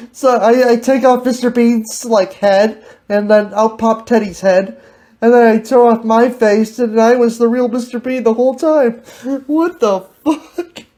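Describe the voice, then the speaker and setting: A woman's voice: fairly high pitch, steady tone, takes it slowly, dark tone. A woman hosting a casual improvised chat, teasing and laughing often. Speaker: host.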